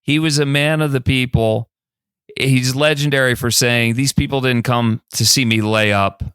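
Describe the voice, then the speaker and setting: Male podcast host; smooth, resonant, dry close-mic, friendly. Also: medium pitch, steady tone, normal speed, a bit bright, no echo. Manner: friendly, encouraging, brief interjections. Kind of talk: casual interview.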